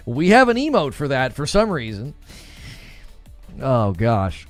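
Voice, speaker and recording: A man's voice: a little high, sing-song, extremely slow, long pauses, faint music behind. A man hosting a livestream, chatting casually and joking with his chat, laughing often and reading comments aloud. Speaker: livestream host.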